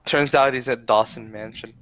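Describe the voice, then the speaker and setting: A man's voice: mid-range voice, steady tone, moderate pace, fairly bright tone. A man playing a tabletop role-playing game, laughing often and tripping over his words. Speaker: player. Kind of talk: casual tabletop game chat.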